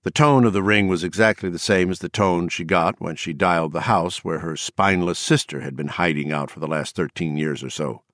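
Deep-voiced man reading a novel. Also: fairly quick, hardly any pauses, fairly bright tone, dry recording, studio quality. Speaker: narrator. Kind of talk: audiobook narration.

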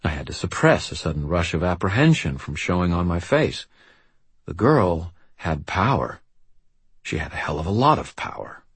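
A man reading a first-person novel aloud as an audiobook narrator, in a measured, wry storytelling manner. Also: low-pitched, very animated, breathy edge, no room sound.

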